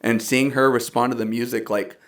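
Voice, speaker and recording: A man's voice: mid-range voice, flat delivery, brisk. A young man from the Dallas area, a guest musician in a casual podcast conversation, telling personal stories earnestly with quoted asides and laughs.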